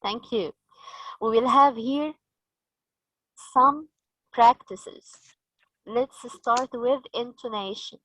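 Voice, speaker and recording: Egyptian woman teacher trainer, slightly high voice, slow and patient, dry close sound. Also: sharp tone, dry recording, poor audio. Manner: slow, patient, asks the group questions.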